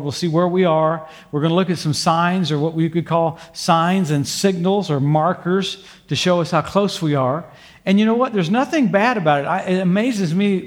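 An older man in his sixties preaching a sermon to a congregation in a church, folksy and humorous, dropping in praise and amens between stories, then leading a prayer. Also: fairly high pitch. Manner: folksy, humorous storytelling with frequent praise interjections. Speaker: pastor. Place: church sanctuary before a congregation.

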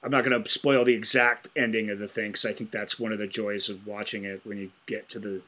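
A man with a crisp, bright voice chats casually as a podcast co-host. He lays out his thoughts in a measured, thoughtful way. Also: on the low side, level tone. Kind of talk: casual chat.

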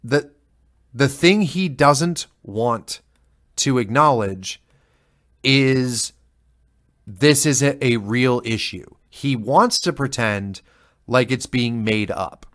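A man co-hosting a casual political chat podcast, retelling his arguments with heated, animated energy. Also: medium pitch, takes it slowly, long pauses. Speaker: podcast co-host.

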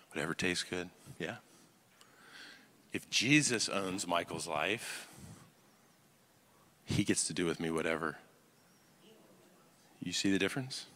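Pastor guy preaching in a big church hall, bright ringing voice, keeps asking if you follow him. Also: fairly low pitch. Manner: swings from loud emphatic to hushed intense. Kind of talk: sermon. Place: church auditorium. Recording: long reverb of a large hall.

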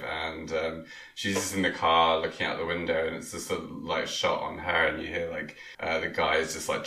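A man's voice: very deep voice, sharp tone. A man co-hosting a podcast, recapping a film in rambling casual chat with lots of fillers and laughs. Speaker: podcast co-host. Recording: echoey room, distant mic.

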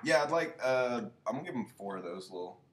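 A man's voice: medium pitch, expressive, fast talker. A man in a casual chat, laid-back and joking, laughing along with his co-host. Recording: echoey room with faint noise.

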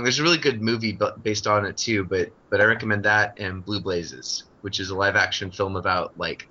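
A man's voice: fairly low pitch, pushed and bright. A man guesting on a podcast, explaining things eagerly in long rambling runs. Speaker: podcast guest, comic artist. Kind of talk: casual chat. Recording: dull lo-fi podcast audio.

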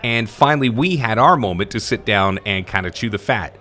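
A man's voice: lowish voice, expressive, fairly quick, pushed and bright. A man hosting a podcast, looking back on favourite interviews in an enthusiastic, conversational way. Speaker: podcast host. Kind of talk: reflective show narration.

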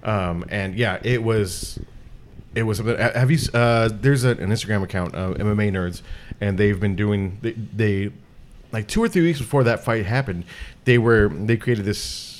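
A man's voice: on the low side, moderate pace. A man co-hosting a casual podcast chat who rambles and swears for emphasis.

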